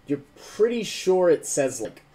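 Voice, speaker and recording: A man's voice: sits high, sing-song, a little slow, warm tone. A man narrating a tabletop game as game master, casual and filled with "like" and "um".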